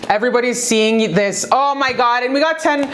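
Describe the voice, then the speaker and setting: Emphatic, profane woman reading tarot. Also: normal speed. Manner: emphatic, profane, pep-talk delivery with swings in pitch. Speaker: tarot reader. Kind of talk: casual tarot reading to camera. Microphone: talking to camera.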